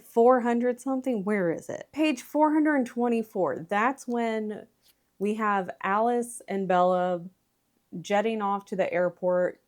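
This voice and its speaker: A woman in her thirties talks through a book in a loose, chatty way, drifting off on tangents and catching her own slips. Her voice sits at an everyday middle pitch, with the odd mild curse dropped in casually. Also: darkish tone. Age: 30s. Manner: chatty, rambling, self-correcting, mild swearing. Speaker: book vlogger.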